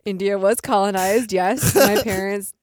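A woman's voice: mid-range voice, unhurried, a little mellow, dry recording, studio quality. A young woman from Michigan co-hosting a podcast, chatting casually and giggling often. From Michigan, USA. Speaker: podcast co-host. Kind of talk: casual chat.

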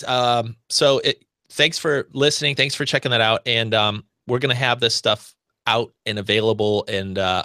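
A man's voice: medium pitch, bright, forceful tone, no echo, studio quality. An American man hosting a podcast, chatting casually and rambling with many restarts and fillers. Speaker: podcast host.

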